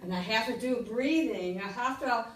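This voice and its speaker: A middle-aged woman demonstrating an exercise, talking slowly, slightly out of breath as she moves. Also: on the high side, fairly bright tone, distant mic. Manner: slow, instructive, counting out moves. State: getting winded. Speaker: fitness instructor. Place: room while exercising. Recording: echoey room, away from the mic.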